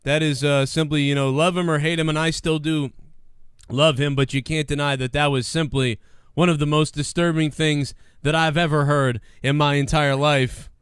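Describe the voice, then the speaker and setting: Dude hosting a comedy podcast, smooth clear voice, rambly with lots of uhs, dry close mic. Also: male voice, fairly high pitch, level tone, normal speed, fairly bright tone, no room sound. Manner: rambling, joking, lots of fillers. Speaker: podcast host.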